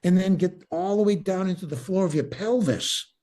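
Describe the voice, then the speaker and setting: An older man, a breathwork teacher, calmly leads a guided breathing meditation, repeating his cues as he goes. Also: high voice, moderate pace. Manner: calm, instructive, repeats cues.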